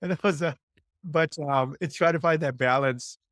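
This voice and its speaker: A man's voice: on the high side, normal speed, fairly bright tone, dry recording, clean studio sound. A man hosting a podcast interview who talks in a reflective, casual way. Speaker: podcast host. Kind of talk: interview talk.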